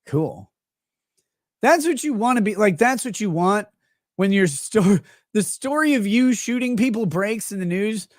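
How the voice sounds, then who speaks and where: Man, livestream host, crude, rambling, animated pitch, dry close sound. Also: a little slow, dry recording. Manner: reads out chat messages. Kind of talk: casual livestream commentary.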